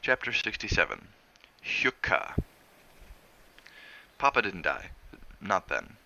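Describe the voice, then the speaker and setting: A man reading a novel aloud in steady, measured narration. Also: deep voice, gravelly. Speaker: reader of a novel on a stream.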